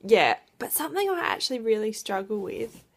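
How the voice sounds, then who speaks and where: A woman's voice: mid-range voice, big pitch swings, fairly quick. A young woman chatting casually to camera about her direct sales business, often laughing. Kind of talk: casual vlog chat. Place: at home.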